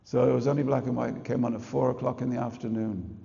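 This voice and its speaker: A man in his late sixties gives a chatty, humorous spiritual talk, now and then slowing to lead a chant. His voice is gravelly, low and mellow. It is recorded dull and muffled in a large hall with a long reverb. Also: fairly even intonation. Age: 60s. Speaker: spiritual teacher. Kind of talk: talk to a temple audience.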